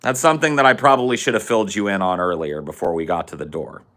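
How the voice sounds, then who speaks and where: A man hosting a podcast, telling a funny story in an animated, profane way. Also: sits low, fast talker. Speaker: podcast host. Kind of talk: comedic storytelling.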